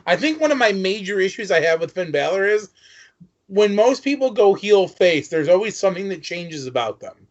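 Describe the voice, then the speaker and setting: A man's voice: sits high, very animated, moderate pace. A man co-hosting a podcast, chatting casually and brashly about wrestling, joking and swearing freely. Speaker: podcast co-host. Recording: dull lo-fi audio.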